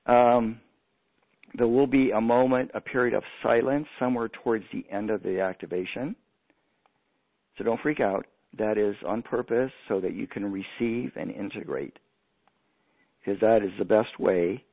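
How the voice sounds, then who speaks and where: A man leading a guided energy meditation on a radio show, giving calm, slow, reassuring instructions over a phone line. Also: medium pitch, vocal fry, breathy edge. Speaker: energy healer guiding listeners. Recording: tinny phone line, dry.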